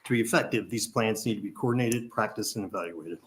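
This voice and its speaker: A man reading formal testimony at a legislative committee hearing, audibly out of breath and clearing his throat between passages. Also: fairly low pitch, a bit bright, slight background noise, poor audio. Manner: reads prepared remarks, pauses to clear throat. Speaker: advocacy testifier.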